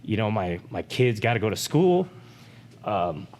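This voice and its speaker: Low-voiced guy on a podcast, gets emotional, says like a lot, cusses, long echo in the room. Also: big pitch swings, unhurried, darkish tone. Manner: emotional, swearing, many "like" fillers. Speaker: podcast co-host. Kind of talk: candid podcast chat.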